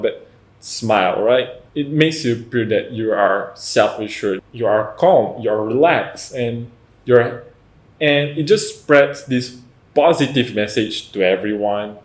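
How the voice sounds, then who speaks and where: A man's voice: mid-range voice, a little mellow. Man giving earnest coaching, echoey room. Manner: earnest, coaching, repeats "right?" and "you know". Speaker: self-help video host. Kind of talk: direct-to-camera advice talk.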